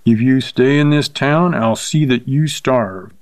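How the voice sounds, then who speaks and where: A man's voice: mid-range voice, measured pace, dry recording, lightly acted. A man voicing an insolent, condescending banker who mocks and threatens in a slightly raised voice. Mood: threatening. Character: smug fat banker, mocking and threatening.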